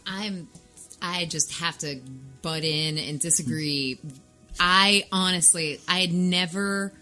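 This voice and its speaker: A woman's voice: lowish voice, slow, sharp tone, soft background music. A woman joining a casual podcast discussion, chatty and emphatic. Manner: chatty and emphatic, laughs between points. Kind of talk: casual chat.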